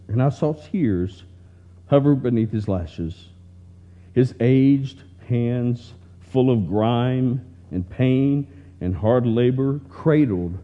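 A man preaching, reading a heartfelt story aloud in a tender, earnest way, recorded in dull lo-fi sound. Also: medium pitch.

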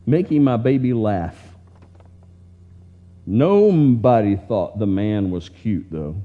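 A man's voice: lowish voice, lively intonation, slow, long pauses. A man preaching, reading a heartfelt story aloud in a tender, earnest way, recorded in dull lo-fi sound.

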